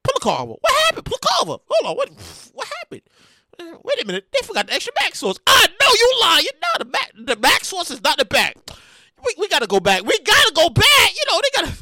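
Lady podcast host going off, super high bright voice, loud and cussing, bouncing all over. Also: quick pace, no echo, clean studio sound. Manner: loud, animated, profane ranting with frequent shouting. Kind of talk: comedic current-events rant.

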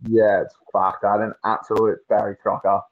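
A young Australian man with a fairly low voice talks loosely and swears often, spinning rambling stories in broad slang. His voice comes through dull and lo-fi. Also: flat delivery, brisk. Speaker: podcast guest. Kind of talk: casual chat.

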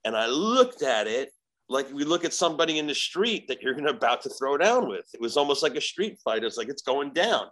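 A man telling a story as a podcast guest, animated and profane, acting out the voices in it. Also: medium pitch, fairly quick, rough recording. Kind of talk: casual storytelling.

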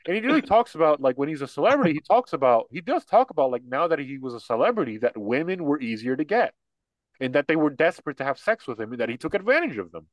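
A man's voice: fairly high pitch, sing-song, fast talker, no room sound. A young man co-hosting a podcast, talking bluntly in casual political chat, full of restarts and fillers. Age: young adult. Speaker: podcast co-host.

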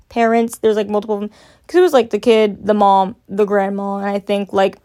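A woman's voice: medium pitch, darkish tone. A young woman telling a casual, rambling story, full of "like" and loose swearing. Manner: rambling, filler-heavy, frequent "like". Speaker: podcast host.

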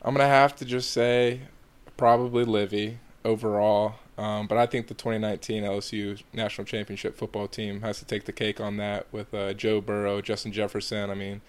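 A young man from Georgia answering interview questions in a relaxed, halting way with lots of fillers. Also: on the low side, smooth. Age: young adult. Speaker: college baseball player, guest.

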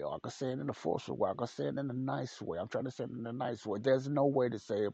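A man's voice: medium pitch, brisk, creaky, hardly any pauses, warm tone, slightly rough, no room sound, dull audio. A man preaching a podcast sermon in a blunt, repetitive, emphatic way.

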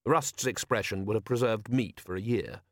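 A man reading an audiobook in a measured, dry storytelling manner. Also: on the low side, dry recording. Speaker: audiobook narrator. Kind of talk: scripted narration.

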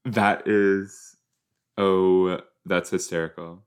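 A man casually commenting while he watches a show, chatty and quick to exclaim or laugh. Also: deep voice, flat delivery, clear, resonant tone. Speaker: reaction video host.

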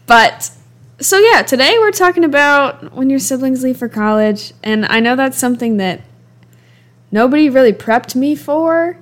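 A woman's voice: high-pitched, expressive, normal speed. A twenty-year-old woman hosting a podcast in an easygoing, chatty way. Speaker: podcast host. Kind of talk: casual chat.

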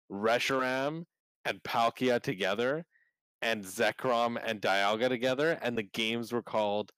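A man hosting a casual podcast, telling a story with lively, acted-out reactions. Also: lowish voice, clean tone, dry recording, rough recording. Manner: animated storyteller, acts out his own reactions. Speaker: podcast host.

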